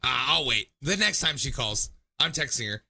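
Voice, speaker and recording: Male stream host, tipsy and loose, profane rambling chat, sharp bright tone. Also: medium pitch, lively intonation, normal speed, gravelly, breathy edge. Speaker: livestream call-in show host. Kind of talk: casual livestream chat.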